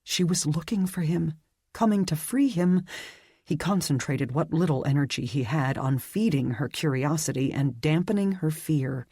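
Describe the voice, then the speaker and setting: Slow, breathy audiobook narrator. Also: mid-range voice, no echo, studio quality. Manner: measured, even storytelling delivery.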